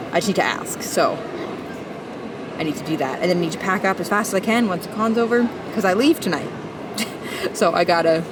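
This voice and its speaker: A woman's voice: fairly low pitch, background noise. Chatty young woman vlogging. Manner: chatty and excitable, many fillers. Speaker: convention artist vlogger. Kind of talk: casual vlog chat.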